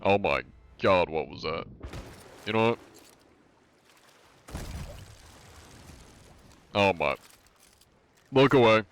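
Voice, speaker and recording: A man's voice: sits low, animated, extremely slow, vocal fry, long pauses, a bit bright, slight background noise. A young man in his twenties chatting casually with viewers on a gaming livestream, with dry, wry jokes. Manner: dry, wry joking with chat. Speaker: streamer.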